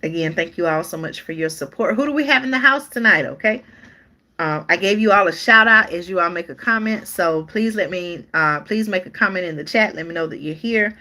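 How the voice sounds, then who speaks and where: A woman's voice: on the low side, fairly quick, bright, forceful tone. A woman hosting a live-stream news show, reading articles aloud in a chatty way and talking straight to her viewers, often stopping to restart or look things up.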